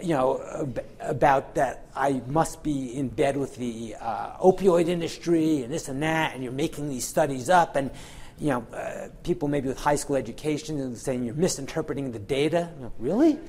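A man's voice: mid-range voice, moderate pace, darkish tone, a little hiss or hum. Wry, candid man lecturing on medicine. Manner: candid, wry storytelling with frequent fillers. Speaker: physician and pain researcher. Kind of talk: lecture to an audience.

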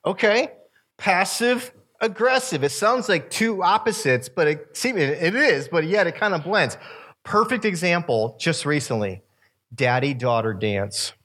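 With lively intonation and a measured pace, his fairly bright voice leans high. The man, in his fifties, preaches in a sermon style to a young audience, spinning stories and chuckling at his own remarks to the room.

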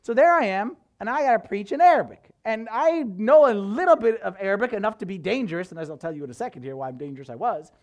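A man, a priest, preaching a sermon as a conversational, animated story full of casual fillers. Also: high-pitched, fast talker, hardly any pauses.

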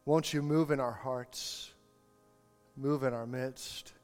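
A man's voice: medium pitch, steady tone, slow pace, darkish tone. A male pastor preaching a sermon, telling a story and building to impassioned appeals. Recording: long hall reverb, faint music.

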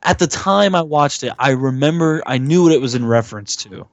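A man's voice: fairly high pitch, fairly quick, no room sound, highs cut off. A man co-hosting a podcast, casually recapping a horror movie, rambling with lots of fillers and swearing, often acting out lines from the film. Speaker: podcast co-host.

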